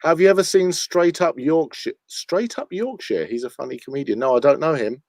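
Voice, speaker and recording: A man's voice: mid-range voice, expressive, fast talker, darkish tone, dry recording. A talkative London man on a video call, chatting easily about his stage work and laughing along. His voice sits in a middling register and sounds close and dry, with no room around it. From London, England. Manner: chatty, laughs often, slips into impressions. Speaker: impressionist and comedian guest. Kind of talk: casual interview chat.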